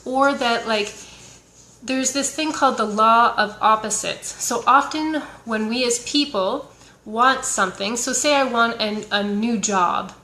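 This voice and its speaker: Bright-voiced woman coach in an echoey room. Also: on the high side. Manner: earnest, chatty, frequent restarts. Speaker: spiritual wellness coach. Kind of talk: casual motivational talk.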